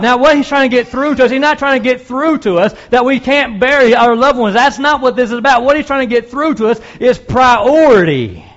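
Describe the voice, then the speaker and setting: A man's voice: very high voice, lively intonation, a little fast, hardly any pauses, a bit bright, highs cut off. A man preaching a sermon in a conversational way, asking his listeners direct questions and dropping in wry asides.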